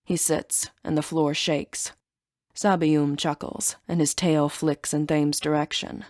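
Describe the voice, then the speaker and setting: A woman narrates a first-person fantasy audiobook with a brisk, sarcastic edge. Her voice sits low for a woman. The recording is dry and close, with no room around it. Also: flat delivery, a little mellow, dry recording.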